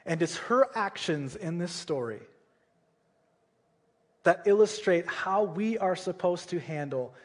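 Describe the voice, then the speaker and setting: A man's voice: sits high, animated, slow, pauses often, slightly rough. A man preaching a sermon, retelling a Bible story in a casual way and often checking in with "right?" and "okay?".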